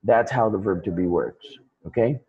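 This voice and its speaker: A man teaching English grammar in a lesson, slowly and patiently explaining with example sentences. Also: fairly low pitch, breathy edge, lo-fi sound. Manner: slow, patient, repeats points with example sentences.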